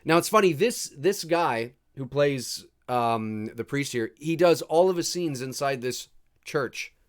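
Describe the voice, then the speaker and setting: A man's voice: mid-range voice, lively intonation, unhurried. A man hosting a live movie commentary stream, chatting casually and reading viewer comments aloud. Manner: casual, chatty, restarts and fillers, reads chat aloud.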